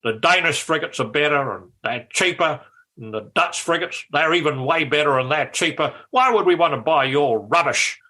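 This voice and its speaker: Man doing a gruff old statesman, cutting voice, blunt, mocking, bright. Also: fairly high pitch, lively intonation, normal speed, pitched above the performer's own voice. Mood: scornful. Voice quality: voice that cuts through like a chainsaw.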